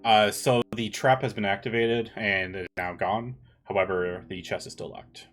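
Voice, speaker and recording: A man running a tabletop game as game master, relaxed and joking, sometimes stumbling as he reads out rules and items. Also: on the low side, moderate pace, faint music behind.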